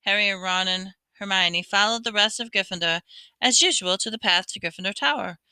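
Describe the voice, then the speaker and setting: A woman's voice: medium pitch, brisk, bright, forceful tone, smooth, dry recording. A woman reading a novel aloud, now and then stumbling and restarting words. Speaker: reader.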